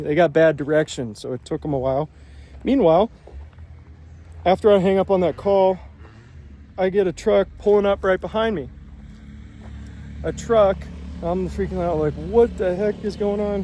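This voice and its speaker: A man in his twenties from the United States telling a travel story casually to the camera, animated, acting out what people said in his own voice, with wry self-deprecating asides. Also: on the high side. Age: 20s. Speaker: vlogger.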